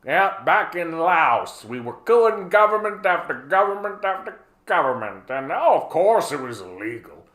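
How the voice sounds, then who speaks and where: A man doing a smug old warmonger. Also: on the high side, very animated, a little slow, echoey room, pitched above the performer's own voice. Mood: smug boasting. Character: smug older male hawk boasting of war crimes.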